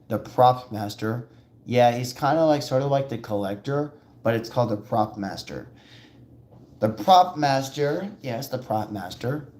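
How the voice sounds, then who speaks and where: Rambling, excitable male video host. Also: medium pitch. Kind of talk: casual rambling commentary.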